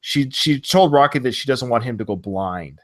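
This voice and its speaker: A man's voice: mid-range voice, normal speed. A man co-hosting a podcast over a remote call, casually retelling film scenes and quoting the characters. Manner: animated, quotes movie lines in retelling. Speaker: podcast co-host.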